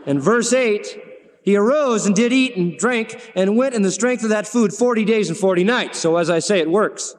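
A man preaching a sermon, telling a scripture story in an animated way and acting out the characters' pleading words. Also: high-pitched, moderate pace. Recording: long hall reverb.

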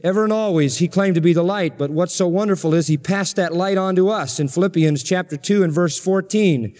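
A male pastor preaching in a high, ringing voice, hammering each point home through repetition. His words trail off into a long, echoing reverb, the way a sanctuary sounds. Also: fairly quick, a little mellow. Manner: emphatic, repeats phrases for stress. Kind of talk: sermon.

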